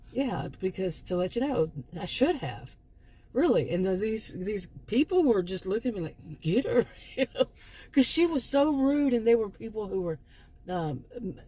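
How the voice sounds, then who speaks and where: Speaking in a medium-pitched voice with a dark tone and a breathy edge, a woman recounts a personal story on her own channel. The former sociology teacher keeps it casual and chatty, rambling and often restarting her sentences.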